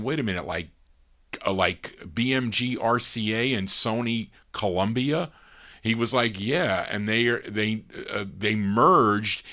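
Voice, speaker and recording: A man hosting a vintage vinyl show chats through a long personal anecdote before spinning the next record. His voice sits low but comes across bright and forward, and he performs the other people's lines with lively shifts. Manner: animated, acts out quoted dialogue. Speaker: radio show host. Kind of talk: casual storytelling between records.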